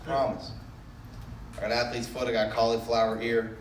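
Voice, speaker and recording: Talking fast and in a monotone, a Boston-area comic from Brookline, Massachusetts runs through a self-deprecating stand-up set and banters with the crowd. His medium-pitched voice is recorded from a distant mic in an echoey club, with faint crowd ambience and slight background noise.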